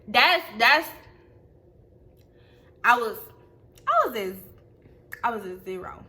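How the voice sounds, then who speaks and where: A woman telling a profane, animated storytime to her camera in a casual vlog. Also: a little high, slow, pauses often. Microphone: phone or webcam.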